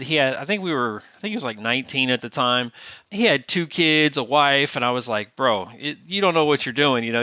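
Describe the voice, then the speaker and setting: A middle-aged man recounts a story in a relaxed interview, slipping into other people's voices as he quotes them. His tone is bright and forceful. The sound is dull and lo-fi, with a dry, close feel. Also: mid-range voice, clean tone, dry recording. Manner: lively storyteller who acts out quoted dialogue. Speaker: guest, Navy veteran. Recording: dull lo-fi remote audio.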